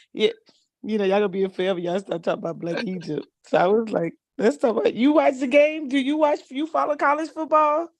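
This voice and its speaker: A woman's voice: a little high, fairly even intonation, a little fast, dry recording. A woman in a casual video call chat, talking in a chatty way and laughing easily.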